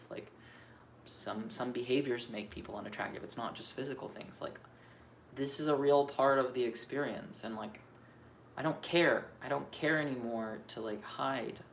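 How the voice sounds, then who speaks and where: Creaky and a bit bright at medium pitch, this man's voice carries an unscripted astrology-channel rant with room ambience humming faintly in the background. He swears openly as he vents, looping back over his ideas and doubting himself out loud.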